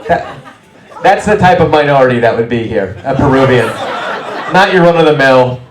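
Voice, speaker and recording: A man doing stand-up crowd work, brash and teasing, firing quick jabs at audience members. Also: mid-range voice, expressive, background noise. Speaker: stand-up comedian. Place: small comedy club. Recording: roomy club from a distance, crowd laughter. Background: audience laughing.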